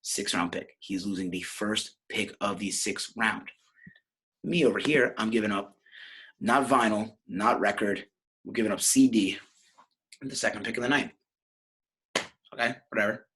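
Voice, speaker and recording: A man's voice: lowish voice, normal speed, pauses often, fairly bright tone, husky. A man from New York hosting a podcast, ranting in a brash, profane, rambling way. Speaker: podcast host. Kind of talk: casual podcast rant.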